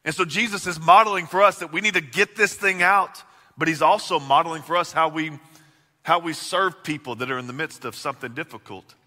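A man's voice: on the high side, sharp tone. Male pastor, sermon delivery, earnest with big volume swings; long reverb of a large hall. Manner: earnest preaching with swells and drops in volume.

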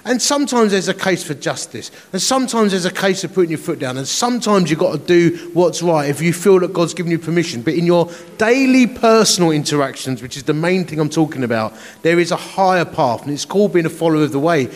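A man's voice: on the high side, lively intonation, fast talker, few pauses. A man in his forties, a pastor, preaching a conference sermon in a chatty, self-mocking storytelling way. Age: 40s. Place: large conference hall. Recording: echoey conference hall.

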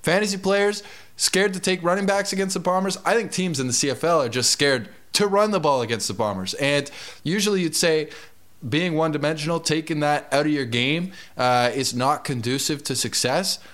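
A man's voice: fairly high pitch, normal speed, fairly bright tone. A man giving confident, emphatic fantasy football picks as a regular analyst on a sports podcast. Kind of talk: casual sports podcast chat.

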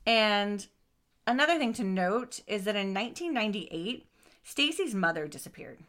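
A woman's voice: medium pitch, moderate pace. A woman hosting a podcast, casually recounting a true crime case with lots of asides and swearing. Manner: expressive, swears, frequent asides and restarts.

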